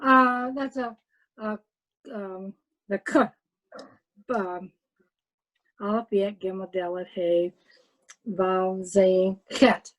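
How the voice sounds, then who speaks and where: Slow, hesitant woman student. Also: medium pitch, fairly even intonation, rough recording. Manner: hesitant, slow, many fillers, repeats after teacher. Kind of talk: language lesson practice.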